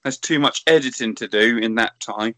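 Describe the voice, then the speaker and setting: Nasal man, bright and forceful tone, dry voice, teasing co-host. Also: mid-range voice, normal speed, no echo. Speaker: podcast co-host. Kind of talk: casual chat.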